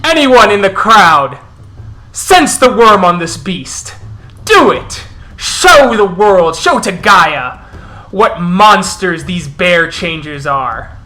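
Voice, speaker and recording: A man's voice: high-pitched, big pitch swings, takes it slowly, pushed and bright, exaggerated voice. A man voicing a huge, growling male werewolf elder who bellows commanding speeches to his pack. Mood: rallying.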